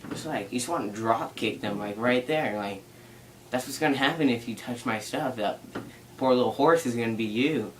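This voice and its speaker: A man's voice: mid-range voice, moderate pace, a little hiss or hum, rough recording. A teenage boy telling a story in a casual vlog, rambling with lots of "like" and a playful tone. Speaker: vlogger.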